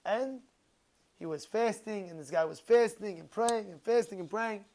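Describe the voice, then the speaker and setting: A man with a high-pitched voice speaks at a moderate pace, giving an informal religious talk. He's animated, asking many rhetorical questions and often repeating and restarting his words.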